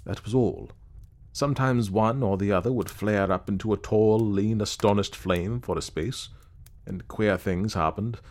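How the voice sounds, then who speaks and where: A man narrating an old-fashioned ghost story in an expressive storytelling manner. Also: on the low side, measured pace.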